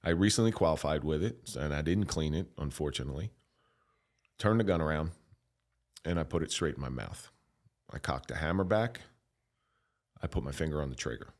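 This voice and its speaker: A middle-aged man telling his own story as a podcast guest, candid and emotional, stopping and restarting often and swearing bluntly. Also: rumbling low. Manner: halting, emotional, frequent restarts.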